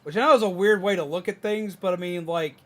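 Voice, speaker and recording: A man's voice: high-pitched, fast. A young man streaming a game who rants frankly, swears freely, and mocks people in put-on voices. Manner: animated ranting, mimicking people in mocking voices. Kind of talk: casual livestream rant while gaming.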